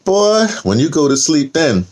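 A man's voice: on the high side, sing-song, measured pace, a little mellow. An older man, talking casually in a morning vlog, rambling with many fillers and restarts. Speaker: vlogger. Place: home, indoors.

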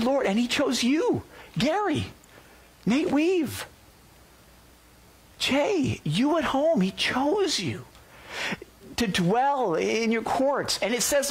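A man preaching a sermon as pastor, excitable and emphatic, often rising to near-yelling. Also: high voice, breathy edge. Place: church, relayed to listeners by phone and online.

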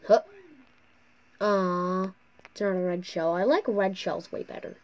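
Her voice sits on the low side, and she keeps a steady tone at a measured pace. The talkative woman, a mobile gaming YouTuber, rambles on while racing in a mobile game, recorded with her phone's mic through a screen recorder.

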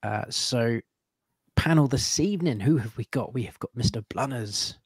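A man's voice: medium pitch, normal speed, husky, no echo, studio quality. A man around thirty hosting a live podcast in a chatty, upbeat way, greeting viewers one by one. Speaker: podcast host. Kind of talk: casual live-stream chat.

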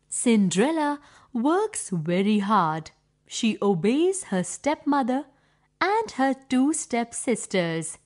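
Very slow woman storyteller for children. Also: a little high, big pitch swings. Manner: clear, deliberate, simple phrasing. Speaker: storyteller for young pupils.

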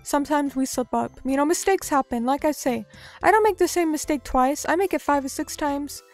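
A young woman with a bright, high voice chatting on her live stream, playful and self-mocking as she answers her chat. Soft music hums faintly in the background. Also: a little fast.

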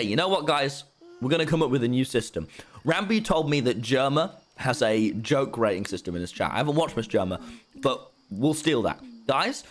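A British man streaming a game, chatting quickly, swearing and joking at his own expense. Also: a little high. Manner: quick, animated, swears often, self-mocking. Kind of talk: casual game stream chat.

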